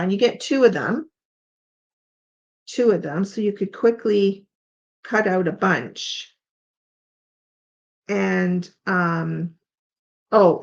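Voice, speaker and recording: Chatty tired woman showing craft papers. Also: mid-range voice. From Canada. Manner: chatty, thinks aloud, unsure asides. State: tired, yawning. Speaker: craft tutorial host. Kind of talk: casual craft demonstration. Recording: slightly dull lo-fi sound.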